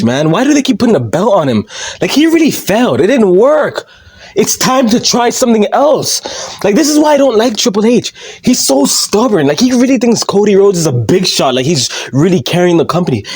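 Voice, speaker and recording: A man's voice: sits high, a little mellow, breathy edge. A young man ranting casually about wrestling in a profane, heated, mocking way. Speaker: vlogger. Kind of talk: casual rant.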